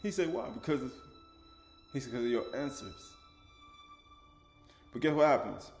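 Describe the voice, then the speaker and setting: A man's voice: mid-range voice, animated, unhurried, reverberant, soft background music. A man teaching a sermon, with rising emphasis, rhetorical questions and casual speech, acting out quoted speakers. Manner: colloquial, acts out quoted speakers.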